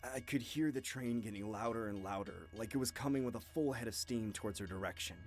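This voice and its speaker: A man reading scary stories aloud in first person at a steady pace, with a few asides of his own. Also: medium pitch, brisk. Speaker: horror story narrator. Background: faint music.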